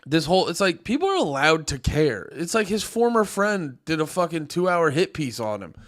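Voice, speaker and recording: A man's voice: fairly high pitch, very animated, normal speed, fairly bright tone. A man streaming casual reaction commentary in a loose, joking, profane way, often breaking into laughs.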